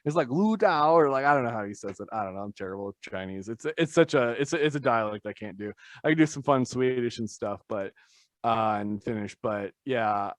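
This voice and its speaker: A man's voice: fairly low pitch, fairly quick, no room sound. A man, a tattoo artist guest on a podcast, talking casually in a rambling, self-deprecating way full of fillers.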